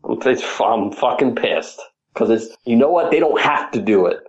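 A man ranting heatedly about games on a podcast, swearing constantly, his voice climbing high when angry. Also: expressive, moderate pace, muffled recording. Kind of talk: profane ranting gaming chat.

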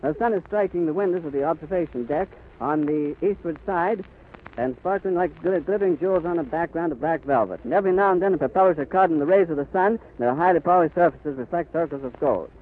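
A man's voice: fairly high pitch, quick pace. A man giving a live, vivid on-the-spot radio report from an airfield. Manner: vivid, flowing description. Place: outdoors on an airfield. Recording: crackly 1930s radio recording, phone-like band.

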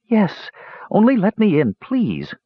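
Man doing a small timid wren girl, high piping plea, husky edge, dull dry recording. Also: huge pitch swings, takes it slowly, dry recording, heavily acted. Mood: pleading.

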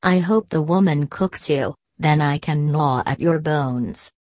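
A woman's voice: sits low, measured pace, darkish tone, dry recording, clean studio sound. A woman voicing a cruel farm cat with a gloating, snickering manner.

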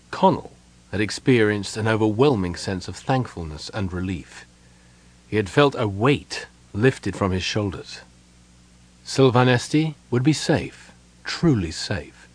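A man reading fantasy fiction aloud as an audiobook narrator, measured and expressive. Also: fairly low pitch.

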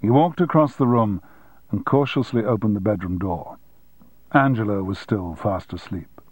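Reading scripted audiobook narration, a man keeps his storytelling measured and even. The voice is lowish and slightly rough, with no room sound.

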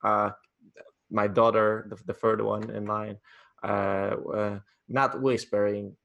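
Gravelly, low-voiced man. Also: flat delivery, a bit bright, muffled recording. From Poland. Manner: chatty, halting, many fillers and restarts. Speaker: guest, wedding photographer. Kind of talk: casual interview chat. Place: home office upstairs.

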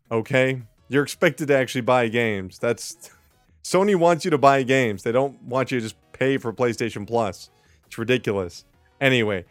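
A man's voice: mid-range voice, no room sound. A man hosting a gaming news podcast, reading release lists and ranting with sarcastic, mock-dramatic outrage. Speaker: podcast host.

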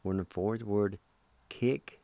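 A man's voice: on the low side, slow pace, warm tone, dry recording. A man hosting a radio language lesson, patiently spelling words out letter by letter and repeating them. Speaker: radio host teaching Cherokee.

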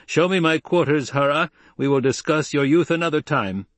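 A man voicing a calm, controlled young noble heir in a storybook reading. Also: mid-range voice, moderate pace, dry recording, natural voice.

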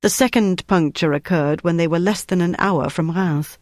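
Steady audiobook narrator, dry sound. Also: medium pitch, moderate pace, dry recording. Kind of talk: scripted narration.

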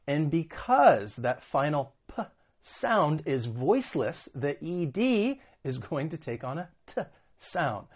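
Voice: mid-range voice, muffled recording. An American English teacher from the United States, patiently explaining word meanings and modelling pronunciation. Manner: clear, patient explaining with demonstrations. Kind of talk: vocabulary and pronunciation lesson.

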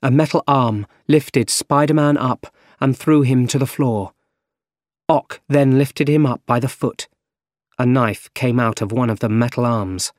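A man reading a simple story aloud, slow, careful and plain. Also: mid-range voice, no echo, studio quality. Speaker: narrator. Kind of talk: scripted narration of a graded reader.

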